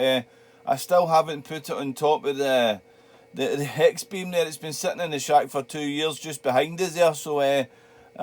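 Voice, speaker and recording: A middle-aged man with a Scottish accent, chatting casually and rambling a little as a ham radio operator in his home radio shack. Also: medium pitch. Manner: relaxed, chatty, laughs easily, rambling.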